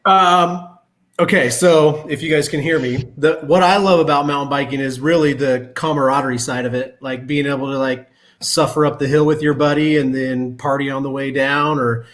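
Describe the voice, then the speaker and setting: A man's voice: medium pitch, steady tone, moderate pace, a bit bright. A man guesting on a podcast, talking in an easygoing, earnest casual way. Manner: easygoing, earnest, a few restarts. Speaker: guest, riding group co-founder. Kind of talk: casual chat.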